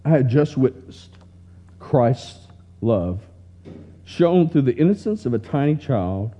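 A man's voice: medium pitch, sing-song, takes it slowly, mellow. A man preaching, reading a heartfelt story aloud in a tender, earnest way, recorded in dull lo-fi sound.

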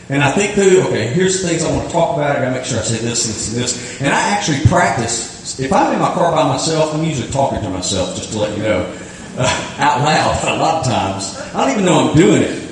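Lively pastor in an echoey hall. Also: male voice, a little high, a little hiss or hum. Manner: animated, self-deprecating storytelling with acted-out self-talk. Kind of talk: storytelling sermon. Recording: echoey hall, mic far from speaker.

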